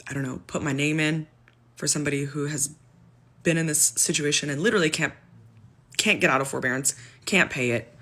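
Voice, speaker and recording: A young woman in her twenties, a civil servant, vents to camera about her debt in a low, husky voice with vocal fry and a fairly bright tone. She sounds candid, exasperated and emphatic, close to tears.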